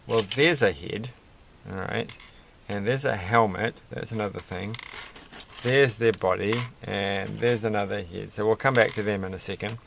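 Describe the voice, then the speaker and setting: Lego vlogger man, gravelly low register, musing running commentary while he builds. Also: fairly even intonation, moderate pace, noisy background. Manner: rambling, musing, self-deprecating.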